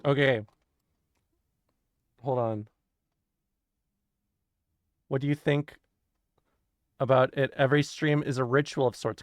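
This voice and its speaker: A woman's voice: deep voice, no echo, studio quality. A woman streamer in casual livestream chat from a home setup, rambling, swearing and interrupting herself with frequent laughs.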